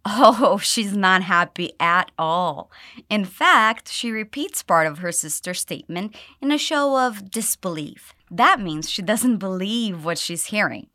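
A woman English teacher guides learners through a pronunciation drill, her pitch rising and falling in a lively way. She models each phrase with deliberate clarity so it can be echoed back. The sound is close and dry, with no room around it. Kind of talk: pronunciation lesson with repeat drills.

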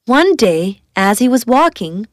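A woman tells a bedtime story for children in an expressive storytelling manner. Her voice sits slightly high. The sound is close and dry, with no room echo. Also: measured pace. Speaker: narrator.

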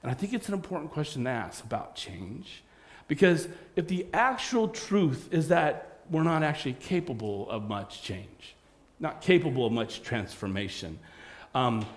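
A man preaching a sermon, reading scripture aloud and acting out the voices in the story with lively storytelling. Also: medium pitch. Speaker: pastor. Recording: roomy echo.

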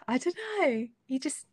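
A young British woman, a singer-songwriter guest, chatting casually in an interview, giggly and halting with many restarts. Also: high voice. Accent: British English.

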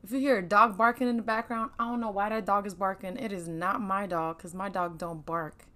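A woman's voice: mid-range voice, fairly even intonation, fairly quick, sharp tone. A woman hosting her own podcast in casual chat, laughing often and a bit sniffly from allergies. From United States. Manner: chatty, laughing, Southern slang. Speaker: podcast host.

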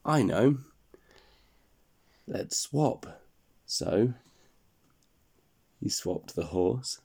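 A man reading a fairy tale aloud to a child in a relaxed, chatty way, stopping to explain and laugh. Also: on the low side, drawn-out words, vocal fry, pauses often, husky.

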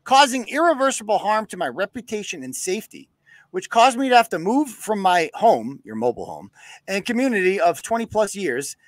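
A man's voice: high voice, sing-song, fairly quick, dry recording. A man from New hosting a live show, cursing bluntly and acting out quoted exchanges in a casual rant. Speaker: podcast host.

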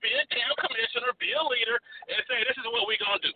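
A man's voice: extremely high pitch, very fast, far from the mic. A man calling into a sports talk show, talking in an emphatic, fired-up way. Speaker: caller. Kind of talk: casual sports talk call-in. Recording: muffled phone line with faint hiss.

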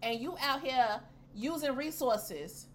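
A woman co-hosting a casual podcast chat, blunt and quick with banter. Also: high voice, a crowd in the background. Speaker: podcast co-host.

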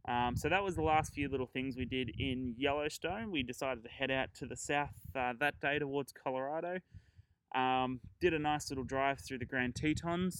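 Smooth-voiced man telling travel stories. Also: mid-range voice, fairly bright tone, rough recording. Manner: rambling, chatty, with fillers and chuckles. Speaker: travel podcast host. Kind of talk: casual travel storytelling.

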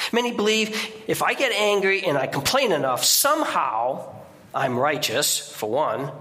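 Bright-voiced man preaching with sudden emphasis. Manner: conversational preaching with repeated restarts and sudden high emphatic outbursts. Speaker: guest preacher. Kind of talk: sermon. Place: church.

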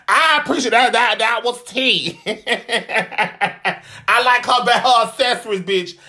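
A man dishes out sassy, profane gossip in a casual vlog, his voice sitting high for a man. The tone is bright and sharp, and he sounds dramatic and opinionated throughout. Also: slow pace. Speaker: vlogger. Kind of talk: casual reality-TV commentary.

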